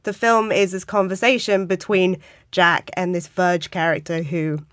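A woman's voice: fairly low pitch, level tone, normal speed, no echo. A young woman co-hosting a film podcast, giving opinionated takes casually and acting out sarcastic mock quotes.

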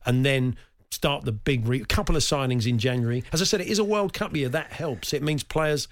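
A man's voice: medium pitch, fairly quick. A man hosting a casual football talk show, chatty and wry, thinking aloud. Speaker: radio sports talk host.

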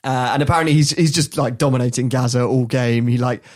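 A man, hosting a podcast and telling anecdotes in a lively, laughing way. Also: mid-range voice, fast. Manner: animated, laughs while telling stories. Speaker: podcast host. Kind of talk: storytelling in casual chat.

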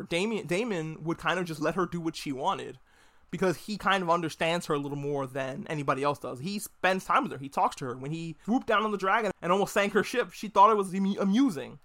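A man with a notably high voice hosts a casual podcast recap. He jokes and swears his way through the plot. He slips into quick put-on voices for the characters' lines. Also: pushed and bright. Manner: profane, joking, acts out characters in quick voices. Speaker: podcast host reviewing a TV episode. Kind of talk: casual recap with acted-out quotes.

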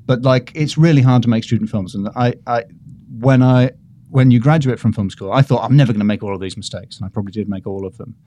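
A man from Britain chats as a podcast guest in a warm, mellow voice. He rambles through self-deprecating stories, full of restarts and asides. The sound is close and dry. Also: medium pitch, quick pace, dry recording. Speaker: guest comedian. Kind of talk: casual podcast chat.

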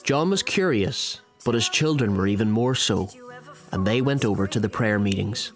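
A man reads the scripted narration of a documentary in a measured, even way. His voice sits fairly low, and music plays clearly behind him.

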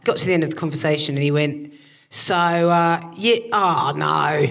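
A woman in her forties, a comedian co-host, telling comic stories on a live stage, animated and swearing. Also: sits low, moderate pace, creaky. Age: 40s. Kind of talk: comic storytelling.

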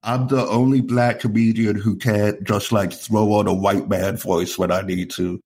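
An English-accented male comedian chats on a podcast in a relaxed, self-mocking manner. His voice sits low for a man. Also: unhurried. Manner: laid-back, self-deprecating. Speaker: stand-up comedian and podcast co-host. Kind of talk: casual comedy podcast chat.

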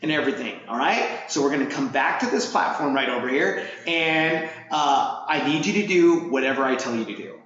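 A man co-hosting a podcast, telling a story in an energetic, coach-like way. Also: medium pitch, fairly quick, few pauses. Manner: energetic, coach-like, swings loud when excited. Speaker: podcast co-host. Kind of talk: animated storytelling. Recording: echoey room, dull lo-fi sound.

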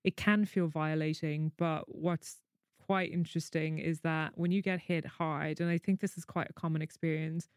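Smooth-voiced woman, thoughtful. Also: sits low, steady tone, normal speed, dry recording, clean studio sound. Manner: thoughtful, explains at length, swears casually. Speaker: podcast co-host. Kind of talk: casual chat.

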